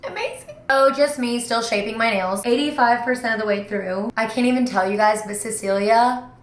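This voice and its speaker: A woman's voice: on the high side, steady tone, brisk. Chatty young woman vlogging, roomy echo. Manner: chatty, dramatic, gushing, self-mocking. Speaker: book vlogger. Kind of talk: casual reading vlog chat.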